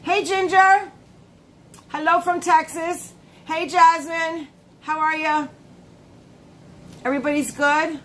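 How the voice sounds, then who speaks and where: A woman's voice: very high-pitched, steady tone, takes it slowly, pauses often, fairly bright tone, slight background noise, low-quality recording. A woman hosting a casual live stream, chatty and laughing often, greeting her viewers by name.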